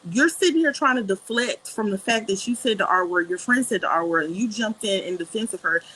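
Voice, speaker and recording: A woman's voice: mid-range voice, animated, brisk, pushed and bright, slightly rough, rough recording. A woman in a heated argument on a live stream, confrontational and interrupting, repeating her points to press them. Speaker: TikTok live debater.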